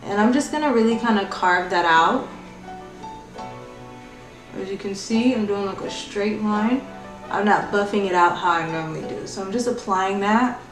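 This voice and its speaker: A woman's voice: mid-range voice, normal speed. A woman beauty vlogger talking through a casual makeup tutorial in a chatty, sing-song tutorial voice. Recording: echoey room, distant mic, music behind.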